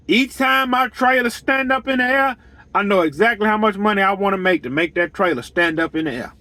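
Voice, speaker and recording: A man's voice: high voice, lively intonation, moderate pace, bright, forceful tone, no echo. A man who runs a lawn care business, giving blunt, emphatic advice on pricing and repeating his points to drive them home. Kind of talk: straight-talking business advice monologue.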